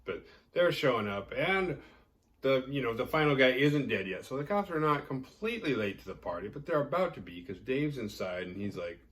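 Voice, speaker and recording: A man's voice: medium pitch, sing-song, brisk, hardly any pauses, a bit bright, distant mic. A man hosting a horror movie podcast, retelling a film's plot in a loose, rambling way, full of fillers and swearing. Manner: rambling, heavy filler "like", profane and jokey. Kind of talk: casual movie recap.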